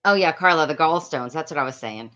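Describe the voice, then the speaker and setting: A woman from Latin America chatting loudly and quickly on a live stream, reading and answering viewers' comments with frequent laughs. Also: sits low, expressive, muffled recording. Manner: loud, fast, laughs often. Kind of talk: casual live-stream chat.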